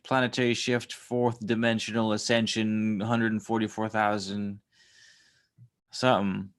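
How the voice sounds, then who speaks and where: A man's voice: mid-range voice, a bit bright. Rambling, chuckling male livestream host. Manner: rambling, chuckling, loose storytelling with fillers. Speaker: livestream host reading chat. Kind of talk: casual livestream chat.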